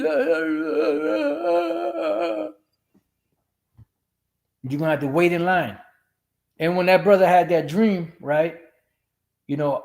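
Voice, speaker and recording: Brief: man streaming a profane, rambling religious rant, fairly high-pitched voice. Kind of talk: ranting religious commentary.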